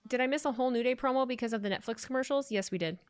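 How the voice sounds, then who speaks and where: A woman's voice: sits high, very fast, background noise. A tired woman streamer chatting casually with her viewers, swearing freely as she watches. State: tired, yawning. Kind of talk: casual live-stream chat.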